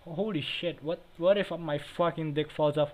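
A man's voice: fairly high pitch, fairly even intonation, moderate pace, rough recording. A young man co-hosting a podcast, swearing constantly, joking crudely and laughing at himself. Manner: profane, joking, self-deprecating, laughs often. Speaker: podcast co-host. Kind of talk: casual crude chat. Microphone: remote call, cutting in and out.

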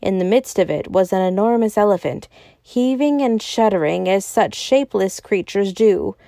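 A woman podcast storyteller reading a classic novel aloud in a calm, even voice. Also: mid-range voice, moderate pace, no echo. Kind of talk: scripted narration of a classic novel.

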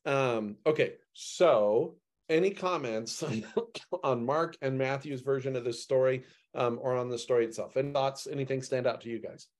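Animated man leading a Bible study. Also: moderate pace. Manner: animated, acts out quoted lines with big pitch jumps. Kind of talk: group Bible study discussion.

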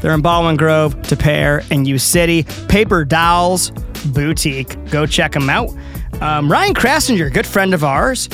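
Man, high-pitched voice, upbeat ad reads, casual talk show, faint music under. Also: expressive, unhurried, fairly bright tone. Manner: upbeat, reads ad spots with rising enthusiasm. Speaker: co-host.

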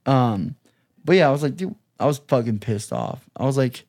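A man hosting a casual podcast, relaxed and profane as he vents. His voice sits at a middling pitch, and his talk is loose and full of fillers. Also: moderate pace. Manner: laid-back, profane venting with filler words. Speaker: podcast host. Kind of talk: casual chat.

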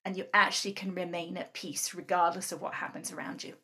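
A woman's voice: on the low side, flat delivery, quick pace, bright, forceful tone. A woman guest explaining her ideas in an interview, talking earnestly and often checking in with "right?". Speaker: guest speaker on emotional tapping.

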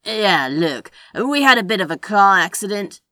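Woman voicing a dry sarcastic guy, blunt, kinda skeptical and low-key. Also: expressive, normal speed, bright, forceful tone, no room sound. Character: dry, sardonic, blunt man.

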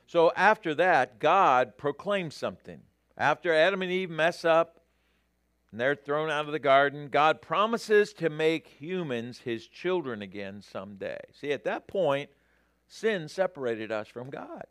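A man delivers a sermon at an unhurried pace, his voice rising and falling with lively expression. He speaks straight to his listeners and builds to emphatic peaks. The sound is dry and close. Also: mid-range voice, dry recording. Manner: animated, rising to emphatic peaks, addresses audience directly. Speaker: preacher.

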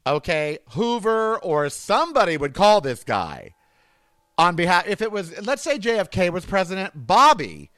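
A man's voice: high-pitched, sing-song, normal speed, fairly bright tone, no echo. A man hosting his podcast in a campy, rambling comedic monologue. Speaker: podcast host.

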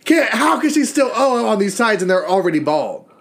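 A man's voice: sits high, big pitch swings, normal speed, fairly bright tone. A man co-hosting a casual podcast, gossiping and swearing freely and laughing through his stories. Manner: gossipy, profane, laughs while telling stories. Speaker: podcast co-host. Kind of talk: casual chat.

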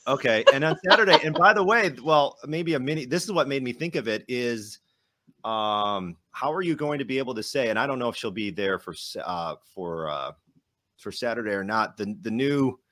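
A man's voice: medium pitch, normal speed, sharp tone. Chatty male podcast host. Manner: chatty, rambling with restarts. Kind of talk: casual chat.

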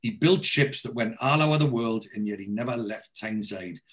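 A man voicing a rough but proud middle-aged dad, in a low, musing, fatherly way. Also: fairly quick, close to an everyday voice. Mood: reflective.

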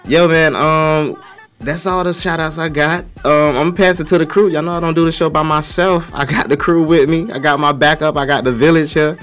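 Loud, hyped man hosting a radio show. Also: a little high, steady tone, a little fast, soft background music. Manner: loud, hype, shout-outs to listeners. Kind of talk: casual radio show talk.

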